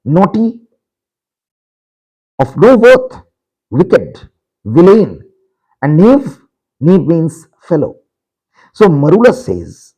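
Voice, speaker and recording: A man teaching a literature lesson, slowly repeating and explaining each word and addressing his students directly. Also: a little high, huge pitch swings, dark tone, husky, rough recording. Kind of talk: explanatory lecture.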